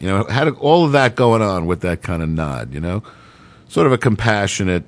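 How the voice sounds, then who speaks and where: A man's voice: lowish voice, big pitch swings, normal speed, no room sound. A middle-aged man telling a long personal story in a rambling, profane way, full of fillers. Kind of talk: casual monologue.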